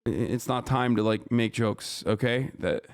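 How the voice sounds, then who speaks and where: A man's voice: medium pitch, measured pace, smooth. A man livestreaming, reacting to a news story with heated, profanity-laden ranting and scolding his chat. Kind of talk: live stream reaction commentary.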